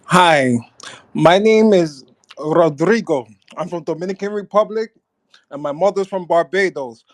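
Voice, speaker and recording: High-voiced male caller objecting. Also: measured pace, no echo, clean studio sound. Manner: objecting, complaining.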